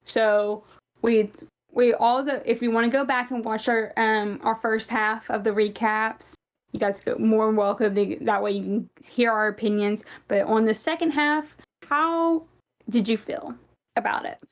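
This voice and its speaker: A young woman co-hosting a podcast talks in a loose, rambling way. Her voice sits a little high and has a gravelly, creaky edge to it. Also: fairly even intonation, measured pace. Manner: rambling, restarts thoughts. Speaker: podcast co-host. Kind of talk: casual chat.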